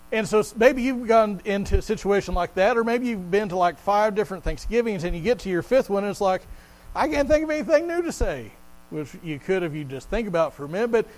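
A man with a high voice preaches a sermon in a plain, conversational manner, often repeating words as he builds his points. He slows right down to lean on each scripture quote. A faint electrical hum runs under the recording. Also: low-quality recording. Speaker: pastor.

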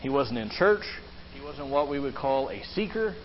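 A man's voice: mid-range voice, expressive, normal speed. Earnest preaching man, dull lo-fi sound. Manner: earnest preaching with rhetorical questions. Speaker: pastor. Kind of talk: sermon. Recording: slightly dull lo-fi sound with faint background hiss.

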